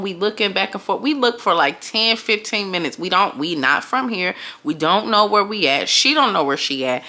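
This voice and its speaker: A woman's voice: medium pitch, moderate pace, hardly any pauses, pushed and bright. A woman vlogger telling a story in a casual, slangy way, acting out the voices of her friends.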